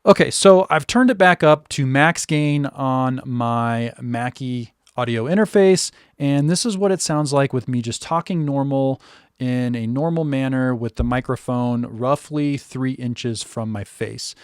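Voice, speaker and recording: A man's voice: medium pitch, measured pace, clean tone, no echo, clean studio sound. A man giving a casual, step-by-step spoken review of a microphone. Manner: relaxed, conversational, explaining step by step. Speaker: tech reviewer.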